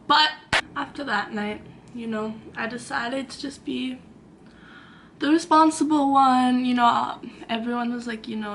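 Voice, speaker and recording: Bright-voiced young woman telling a story. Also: a little high, measured pace, slight background noise. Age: 20s. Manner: animated, acts out quotes, lots of "like". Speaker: vlogger. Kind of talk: casual storytime to camera.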